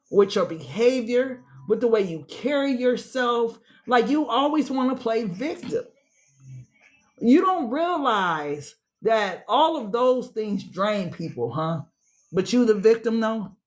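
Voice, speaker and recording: A man with a high voice gives a casual tarot reading. He talks in an emotional, loose way, swearing freely and often repeating himself. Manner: emotional, profane, lots of repeated words. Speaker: tarot reader.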